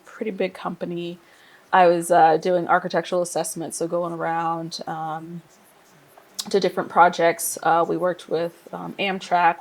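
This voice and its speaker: A woman from Nigeria, an interior designer, telling her career story in a casual, lively way and laughing often. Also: fairly low pitch. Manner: lively, laughs often, acts out quoted voices.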